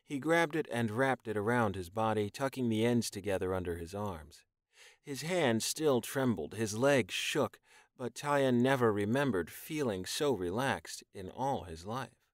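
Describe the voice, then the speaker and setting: A man reading an audiobook in even, measured scripted narration. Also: mid-range voice, no echo, clean studio sound.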